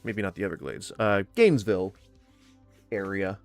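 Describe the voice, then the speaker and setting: Low-voiced male stream host from Florida, rambling and blunt, dry close sound. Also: moderate pace, no room sound. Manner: rambling, many fillers and restarts; blunt, swears freely. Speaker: livestream host. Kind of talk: casual livestream chat. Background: faint music.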